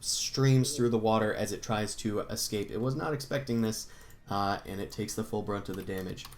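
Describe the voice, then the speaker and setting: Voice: mid-range voice, moderate pace. A game master narrating a tabletop game in a casual, descriptive way, with frequent fillers and easy laughter.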